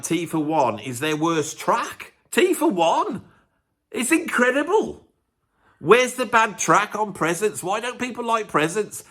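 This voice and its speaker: A man's voice: medium pitch, a bit bright. A man hosting his music channel, rambling and teasing his viewers. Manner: rambling, teasing, self-mocking asides. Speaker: YouTube music channel host. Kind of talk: casual vlog commentary.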